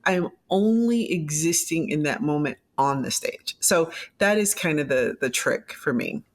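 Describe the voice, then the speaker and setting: A middle-aged woman, a former news anchor, talking in an interview in a reflective, animated way with frequent restarts. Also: sits low, measured pace. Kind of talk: conversational interview.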